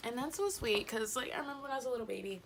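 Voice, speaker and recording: Bright-voiced young woman rambling a storytime. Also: fairly high pitch, animated, racing, gravelly, a little hiss or hum. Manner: rambling, giggly, full of fillers. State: a little out of breath. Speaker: vlogger. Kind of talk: casual storytime chat.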